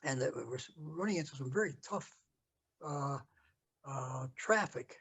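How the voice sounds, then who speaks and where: An older American man telling a story from his past in an interview, halting with many fillers and restarts. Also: mid-range voice, expressive, fairly bright tone, breathy edge. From United States. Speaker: interview guest. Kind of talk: storytelling recollection.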